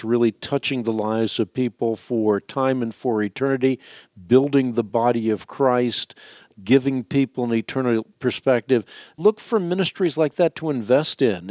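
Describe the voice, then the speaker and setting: A man hosting a call-in radio show, explaining Bible questions to callers in a measured, teacherly way. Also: mid-range voice, a little mellow, no room sound, studio quality.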